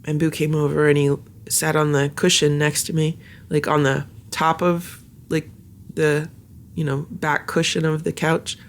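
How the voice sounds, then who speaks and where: A cat vlogger chatting casually at home, halting with many fillers and slipping into soft baby talk with the cats. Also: mid-range voice, flat delivery, a little hiss or hum. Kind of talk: casual vlog chat.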